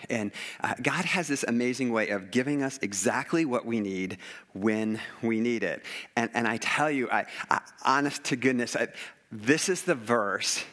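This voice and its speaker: A man's voice: on the low side, fairly bright tone. A middle-aged man telling a family story in an earnest, rambling way, with many fillers and restarts. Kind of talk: casual heartfelt storytelling.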